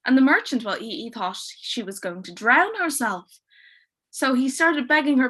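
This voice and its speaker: A woman storyteller telling a ghost story on a livestream, hushed and dramatic, sometimes dropping almost to a whisper. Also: sits high, animated, moderate pace.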